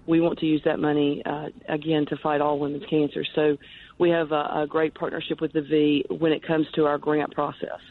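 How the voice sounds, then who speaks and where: A woman guest, a charity director, talking earnestly in a podcast interview, rambling with frequent restarts. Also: sits low. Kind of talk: podcast interview over the phone. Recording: tinny phone line.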